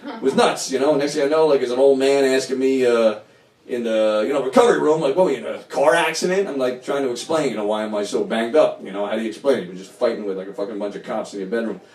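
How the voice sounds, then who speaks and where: A middle-aged man telling a long first-person story at a live storytelling night, rambling and profane, jumping from loud, animated bursts to low mumbles. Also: fast, distant mic. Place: small bar venue with live audience. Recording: echoey room, voice picked up from afar.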